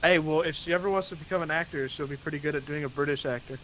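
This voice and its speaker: A man's voice: a little high, very fast, a bit bright, slight background noise, poor audio. A man chatting and joking as a guest while playing a game on a stream. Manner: joking, calls people bro. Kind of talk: casual chat while gaming.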